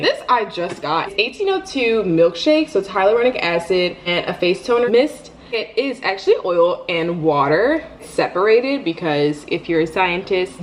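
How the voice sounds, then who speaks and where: Chatty young woman with a lively voice. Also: lowish voice, a little hiss or hum. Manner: chatty, animated, rambling retelling. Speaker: beauty vlogger. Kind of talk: casual storytime while doing makeup. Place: home, getting ready.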